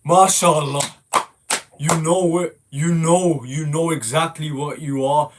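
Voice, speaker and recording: A man's voice: fairly high pitch, fairly even intonation, takes it slowly, background noise. A man in a voice call, trash-talking and swearing at another player in a mocking, insulting way. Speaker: gamer in a voice call. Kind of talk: casual trash talk.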